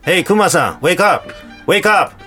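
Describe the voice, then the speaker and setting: A man's voice: fairly low pitch, lively intonation, unhurried, fairly bright tone. A man voicing a group of mischievous men who scheme a prank, giggly and conspiratorial, with faint guitar music behind. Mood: gleeful.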